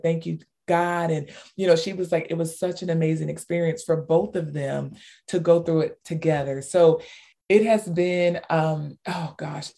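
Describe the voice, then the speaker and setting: A woman author as an interview guest, telling stories with lots of fillers and bursts of excitement. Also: sits low, gravelly. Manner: animated storyteller, many fillers, squeals in retold cheers. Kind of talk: casual interview talk.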